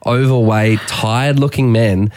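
A man's voice: mid-range voice, steady tone, a little slow, a little mellow. An Australian man in his forties, co-hosting a podcast in casual chat, joking and laughing at himself. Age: 40s. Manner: joking, self-mocking, laughs often. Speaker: podcast co-host.

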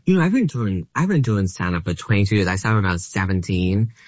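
An Australian man in his late thirties, speaking low and unhurried. He rambles and hedges, putting himself down with a lot of likes and ums. The recording is dry and dull, like a lo-fi studio mic. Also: lively intonation, no echo. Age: late 30s. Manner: rambling, self-deprecating, hesitant with many likes. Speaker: comedian guest. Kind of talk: casual interview chat.

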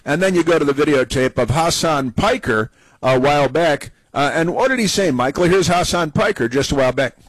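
A man's voice: on the high side, animated, a little fast, no room sound, poor audio. A man hosting a talk radio show, rambling and mocking in his opinionated commentary.

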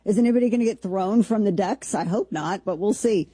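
Woman radio host riffing in disbelief, dark husky voice, totally dry sound. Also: mid-range voice, brisk, no room sound. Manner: incredulous, rambling, jokey riffing. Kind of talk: opinionated talk radio commentary.

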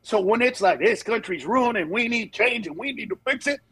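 Lively man with a husky voice. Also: high-pitched, a little fast, no echo, rough recording. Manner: animated storytelling, acts out voices, many restarts. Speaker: comedian guest. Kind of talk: phone-in radio interview. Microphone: phone or Bluetooth line.

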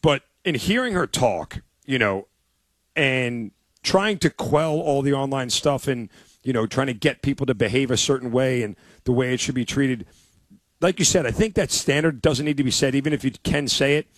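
A man's voice: medium pitch, expressive, moderate pace, no room sound. A man co-hosting a casual sports talk show, telling stories with enthusiasm and repeating himself. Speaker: co-host.

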